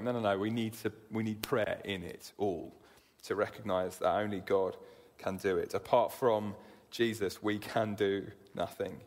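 A man's voice: fairly low pitch, steady tone, unhurried. A man preaching a sermon in an earnest way, often repeating words as he begins a sentence. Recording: long hall reverb.

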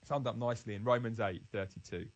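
A man's voice: lowish voice, fairly even intonation, fast talker, poor audio. A man giving an earnest, emphatic devotional Bible talk, restarting phrases as he goes. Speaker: Christian speaker.

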